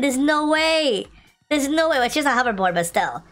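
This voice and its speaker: A woman's voice: high voice, normal speed. A young adult woman giving casual gameplay commentary, pleading for good loot, complaining and then cheering. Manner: excitable, pleading, complains then shouts with joy. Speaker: gaming video host. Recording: light music in the background.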